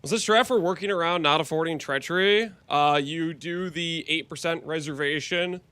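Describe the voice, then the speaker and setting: Bright-voiced man streaming a game. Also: a little high. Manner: casual, reads and answers chat, clears throat often. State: hoarse-sounding voice. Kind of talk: live gameplay stream chat.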